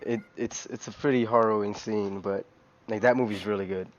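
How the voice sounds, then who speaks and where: A man's voice: lowish voice, fairly even intonation, brisk, dull audio. A man casually chatting on a racing game live stream, rambling with many fillers and restarts. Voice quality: rambling, lots of fillers and restarts, laughs often. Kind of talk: casual gaming stream chat.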